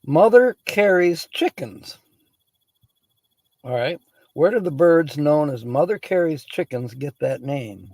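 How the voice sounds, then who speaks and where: Man, livestream host, raspy gravelly voice, mellow tone, chatty, laughs a lot. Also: fairly high pitch, moderate pace, no room sound, low-quality recording. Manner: chatty, laughs often, greets viewers by name. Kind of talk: casual chat, reading word origins aloud.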